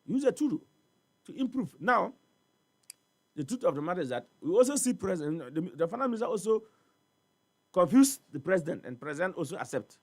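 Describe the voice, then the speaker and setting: A man's voice: sits high, big pitch swings, a little fast, long pauses, dry recording. A man with a Ghanaian accent, speaking as a studio guest on a morning talk show, emphatic and repetitive, full of rhetorical questions. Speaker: studio guest on port trade. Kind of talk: animated talk-show discussion.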